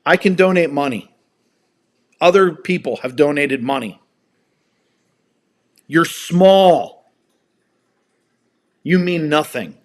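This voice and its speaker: A man's voice: fairly high pitch, moderate pace. A man hosting a live stream from home, ranting angrily and swearing with heated emphasis. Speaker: livestream host. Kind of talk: angry livestream rant.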